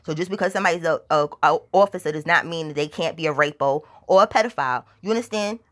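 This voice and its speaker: A woman's voice: low-pitched, quick pace, a bit bright. A woman telling a casual storytime, profane and emphatic, often checking that the listener understands. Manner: profane, emphatic, keeps asking "you understand?". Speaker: vlogger.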